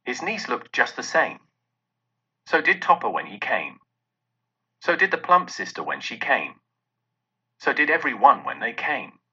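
Male audiobook narrator, very bright husky tone, animated delivery, lo-fi sound. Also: mid-range voice. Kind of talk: expressive storybook narration. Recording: dull lo-fi recording.

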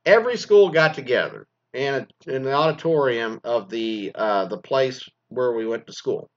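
A man's voice: medium pitch, lively intonation, normal speed. A middle-aged man from Texas, a former teacher, ranting with heavy profanity and sarcasm in a casual monologue. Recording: slightly dull lo-fi sound.

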